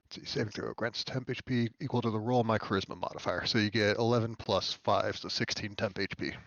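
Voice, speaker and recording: A man's voice: on the low side, fairly even intonation, a little fast, fairly bright tone, no echo. A man playing a tabletop game, muttering to himself as he checks his notes. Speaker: player. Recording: dull, dry sound.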